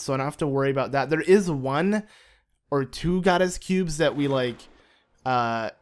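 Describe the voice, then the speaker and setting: A man hosting a casual let's-play, rambling and chatty, with self-mocking sarcasm as he plays a console game at home. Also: medium pitch. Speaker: gaming channel host.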